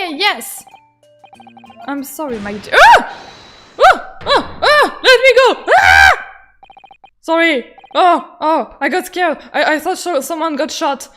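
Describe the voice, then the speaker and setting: A young woman streaming a game, reading dialogue aloud and reacting excitably with stammers and shrieks. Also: high voice. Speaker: gaming streamer. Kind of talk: let's play commentary with voiced lines.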